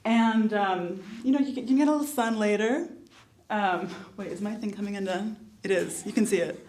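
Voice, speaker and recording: A woman's voice: mid-range voice, fairly quick, darkish tone, slight background noise, natural voice. A woman playing a flustered spoof weather girl. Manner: flustered, stumbling, unprepared.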